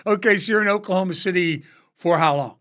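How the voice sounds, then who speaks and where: A man's voice: high voice, quick pace, a bit bright. A man hosting a podcast interview, joking and encouraging his guest. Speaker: podcast host. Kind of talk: casual interview chat.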